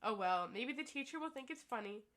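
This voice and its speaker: A woman streamer reads a visual novel aloud, breaking off into giggly, exclaiming reactions. Her voice sits a little high. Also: expressive, fairly quick, fairly bright tone.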